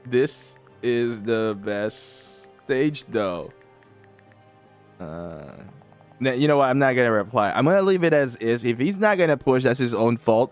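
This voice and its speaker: A man's voice: lowish voice, smooth. Chatty man who laughs a lot. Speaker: mobile game streamer. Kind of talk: casual gameplay commentary.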